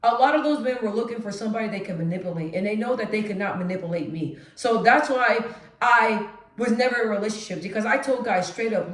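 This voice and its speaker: A woman vlogging straight to camera, with a naturally deep voice she lifts a notch as she talks emphatically. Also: quick pace, roomy sound. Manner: emphatic, animated, conversational. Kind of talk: direct-to-camera monologue.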